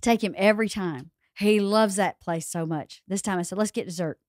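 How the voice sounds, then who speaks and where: A middle-aged woman with a Southern US accent, hosting a podcast and telling stories in casual chat, lively and quick to laugh. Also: medium pitch, no room sound, clean studio sound. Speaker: podcast host.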